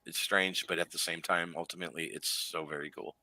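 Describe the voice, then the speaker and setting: Male guest, low and bright voice, rambling story, close dry mic. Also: a little fast, no room sound. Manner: animated, lots of fillers and restarts. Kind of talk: casual storytelling on a radio show.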